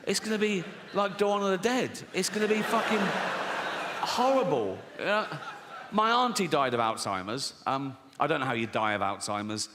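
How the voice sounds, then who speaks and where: A man's voice: a little high, sing-song, normal speed. A man doing a stand-up comedy routine, brash and profane, ranting with mock outrage. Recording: live venue reverb with audience noise.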